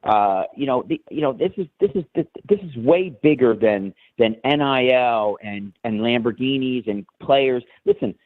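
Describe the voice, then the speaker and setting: A man from New Jersey calling in to a show, rambling and halting with many restarts. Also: mid-range voice, expressive, no room sound. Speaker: caller. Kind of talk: call-in rant. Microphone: phone. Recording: tinny phone line.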